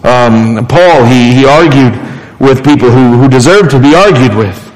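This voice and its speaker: A man's voice: mid-range voice, animated, a little slow, low-quality recording. A man preaching a sermon in a casual, conversational way. He often restarts and repeats words as he talks. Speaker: pastor.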